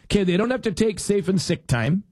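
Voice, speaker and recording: A man's voice: high voice, expressive, fairly quick, a little mellow, dry recording. Rambling, sarcastic man hosting talk radio. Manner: rambling, sarcastic, with self-corrections. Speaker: radio show host.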